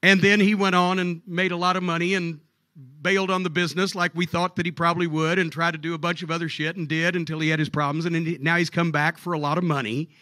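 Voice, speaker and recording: A man telling profane stories on stage at a live comedy club show, animated and jokey. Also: on the high side, fast talker, no echo.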